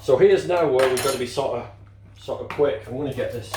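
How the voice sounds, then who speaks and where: A man's voice: mid-range voice, brisk, heavy background noise. An older man, chatting casually through a cooking demonstration, muttering and swearing mildly as he works. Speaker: home cook. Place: home kitchen. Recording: echoey kitchen. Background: clinking dishes and utensils.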